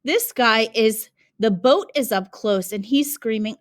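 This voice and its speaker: A woman teacher giving a lesson, speaking clearly and patiently and asking her students questions. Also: a little high, a little slow. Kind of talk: classroom lesson narration.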